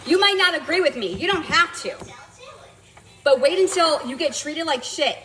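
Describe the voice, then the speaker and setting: A woman's voice: high voice, lively intonation, moderate pace, pushed and bright, low-quality recording. A woman venting to viewers in a blunt, indignant storytelling rant, swearing as she goes. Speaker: vlogger telling a personal story.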